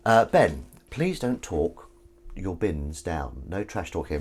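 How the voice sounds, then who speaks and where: An English man hosts a relaxed stream, chatting and punning with his viewers in a playful, rambling way. His pitch swings about lively as he talks. Behind him, dishes and cutlery clatter over a steady noise. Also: slow. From England. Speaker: livestream host reading chat. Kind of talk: casual chat while washing up.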